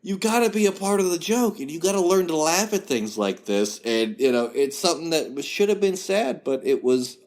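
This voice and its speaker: A man with a West Virginian drawl, relaxed in a casual chat. He tells family stories with a chuckle in his voice and acts out what his relatives said. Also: fairly high pitch, moderate pace, few pauses. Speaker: podcast guest.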